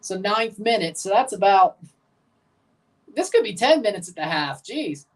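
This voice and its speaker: A man's voice: high voice, very animated, measured pace. A young man giving rambling, jokey live commentary while watching a match and chatting to his viewers. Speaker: watchalong streamer.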